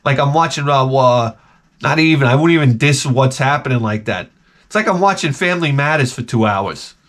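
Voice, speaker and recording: A man's voice: medium pitch, moderate pace. A man ranting casually and profanely as he tells a story about his young son. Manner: profane, rambling, animated. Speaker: vlogger and father.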